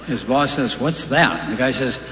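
A man doing stand-up, telling quick folksy jokes on stage with offhand asides between punchlines. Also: mid-range voice, expressive, background noise. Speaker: stand-up comedian. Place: large live venue. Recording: roomy hall with long reverb.

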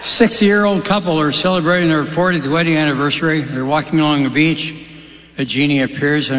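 A man's voice: a little high, moderate pace, fairly bright tone. Man telling jokes in a reverberant hall. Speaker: stand-up comedian. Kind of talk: joke telling on stage.

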